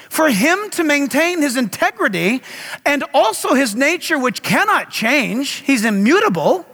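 A man's voice: very high-pitched, big pitch swings, a little slow, pushed and bright, big-room sound. A man preaching a sermon as pastor, talking straight to his congregation with passion. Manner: impassioned preaching, direct address to congregation.

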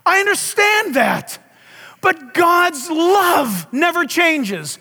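A middle-aged male pastor preaching a sermon with impassioned, loud delivery and dramatic swings in a large church hall. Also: extremely high pitch, sing-song, very slow.

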